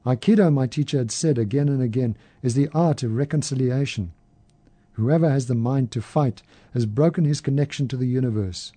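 Male storyteller, mellow and dry, reading steadily. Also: medium pitch, a little fast, no room sound. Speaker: narrator. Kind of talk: first-person story reading.

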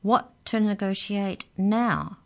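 A woman's voice: low-pitched, lively intonation, normal speed. A woman doing a bossy, scheming girl. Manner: pushy, scornful.

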